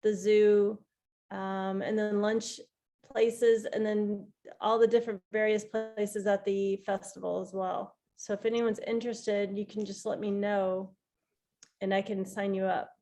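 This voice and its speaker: A woman's voice: medium pitch, level tone, a little slow, dark tone. A woman organizing an event goes over a schedule on a video call, hesitant with many ums. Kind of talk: casual group video call.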